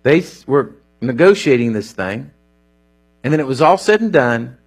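Guy preaching a sermon, voice a bit husky, pitch jumps all over, acts out quotes as he goes. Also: moderate pace. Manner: animated, conversational preaching with acted-out quotes.

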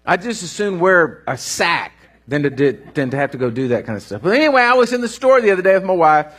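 This is a middle-aged man preaching a sermon. His voice sits high and sounds husky. He tells folksy stories with lively swings of pitch and sudden rising bursts. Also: fast talker. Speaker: pastor.

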